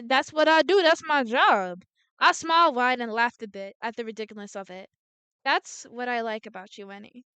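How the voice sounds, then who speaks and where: Streamer, woman, reads game dialogue aloud with a smooth, slightly high voice; dry room sound. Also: bright, forceful tone, no room sound. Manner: reads all characters in her own voice, frequent restarts. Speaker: gameplay streamer. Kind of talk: reading a visual novel aloud.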